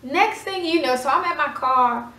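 Chatty young woman vlogging a storytime, high voice, echoey room, far from the mic. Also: normal speed, bright, forceful tone. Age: 20s. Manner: dramatic, chatty retelling with many fillers. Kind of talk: casual storytime chat.

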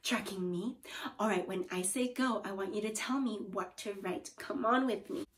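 A woman's voice: medium pitch, normal speed. A woman teacher leading a read-aloud lesson, encouraging her students as she goes.

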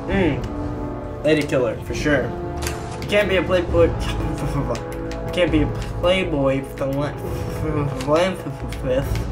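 A gamer giving casual, crude, joking commentary while playing, often bursting into loud laughter. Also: mid-range voice. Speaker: let's play gamer.

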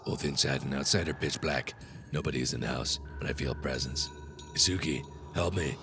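A man voicing a frightened diary entry read aloud in a horror video game, in a low, subdued tone. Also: fairly quick. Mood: frightened, hushed. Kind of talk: game voice acting. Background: game music.

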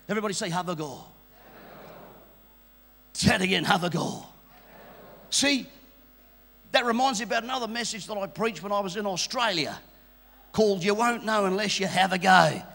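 A man preaching a charismatic sermon in a church, shouting fervently in prayer and joking with the congregation in between. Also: sits high, fairly quick, vocal fry. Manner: joking and playful between appeals to the crowd. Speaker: guest preacher. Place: church hall. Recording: long church hall reverb.

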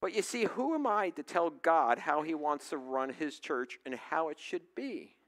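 A man's voice: fairly high pitch, expressive, unhurried, a bit bright. A male pastor preaching a sermon, telling a personal story in a conversational way and putting questions to the congregation.

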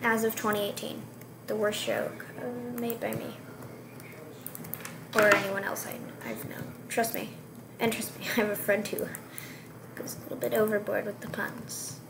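A young female gamer giving playful, joking commentary while she plays, with sudden excited outbursts. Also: medium pitch, moderate pace, creaky, pauses often, background noise. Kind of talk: casual gameplay commentary.

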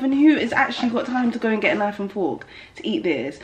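A young woman, vlogging in casual chat straight to camera, animated and talkative. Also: mid-range voice, fast talker, few pauses, background noise. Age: young adult.

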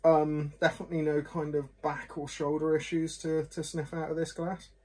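A man's voice: on the high side, level tone, moderate pace, dark tone, slightly rough. A man reviewing whisky glasses in a chatty, rambling, self-deprecating way, often apologising. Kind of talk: casual chat to camera.

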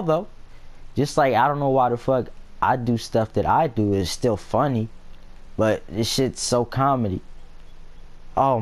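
A young man chatting casually and profanely while playing a video game, rambling between stories and asides. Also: medium pitch. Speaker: gameplay vlogger. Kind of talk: casual gaming commentary.

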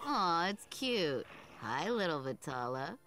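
A woman voicing a dry, unimpressed companion in a video game who delivers deadpan quips. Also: fairly low pitch, slow pace, heavily acted. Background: game music.

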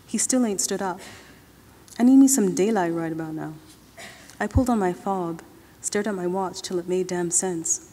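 A woman's voice: on the low side, normal speed, long pauses, dark tone, slightly rough. A woman author reading her novel aloud at an awards ceremony, narrating in the first person in a loose, drawling colloquial voice into a podium microphone in a large hall. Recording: long-reverb hall.

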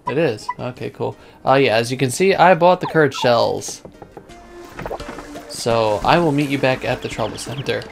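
A man casually commenting on his gameplay, thinking out loud with frequent ums. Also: medium pitch, moderate pace, creaky. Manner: laid-back, thinking out loud with many ums. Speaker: let's play host. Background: game music.

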